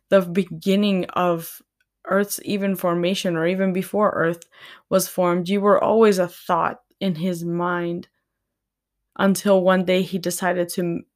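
Slow, tender woman speaking words of faith. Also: fairly low pitch. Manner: earnest, tender, speaks slowly with pauses. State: tearful, near crying. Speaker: podcast host. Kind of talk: faith-based encouragement podcast.

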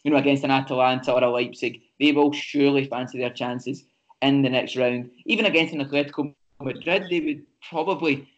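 A man co-hosting a casual football podcast, his pitch staying flat and even as he works through his points. He talks in a measured way, often pausing on ums and restarting sentences. The audio is slightly dull and lo-fi. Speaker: podcast co-host.

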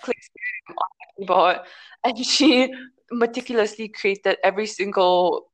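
A woman's voice: mid-range voice, unhurried, low-quality recording. A young woman co-hosting a casual podcast over a video call, telling a long story with frequent giggles. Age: young adult. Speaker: podcast co-host. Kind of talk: casual chat.

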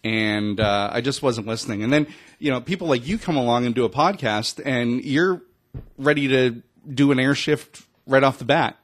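A man in his forties, a radio DJ, talking casually in a studio interview with a medium-pitched voice. He tells his stories candidly and pokes fun at himself, often stopping to restart his sentences. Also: moderate pace. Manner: candid, self-deprecating storytelling with many restarts. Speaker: radio DJ and station owner.

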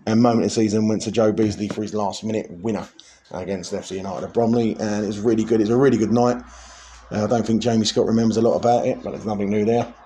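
Male podcast host, relaxed mellow tone, rambly delivery. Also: lowish voice, fast, slight background noise. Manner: rambling, many ums and uhs. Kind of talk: casual podcast chat.

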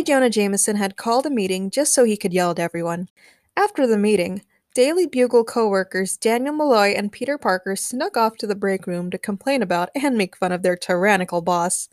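A woman's voice: mid-range voice, no echo, studio quality. A woman hosting a podcast, chatting enthusiastically and narrating a story. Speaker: podcast host. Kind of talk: casual chat and story narration.

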